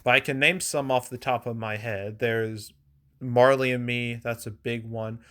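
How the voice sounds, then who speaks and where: Male host, mid-pitched voice, easygoing rambling delivery with lots of "like" and the odd chuckle. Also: fairly even intonation, measured pace, a bit bright. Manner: rambling, filler-heavy with frequent "like"; chuckles now and then. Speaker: movie box office commentator. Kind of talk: casual solo commentary.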